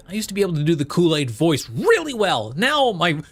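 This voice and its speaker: A man's voice: on the high side, wildly swooping pitch, a little fast, soft background music. A man casually commenting on a game and reading its text aloud, rambling with many fillers and joking about his failed accents. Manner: rambling and playful, with frequent fillers and restarts; tries silly put-on accents and laughs at himself. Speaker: let's play streamer.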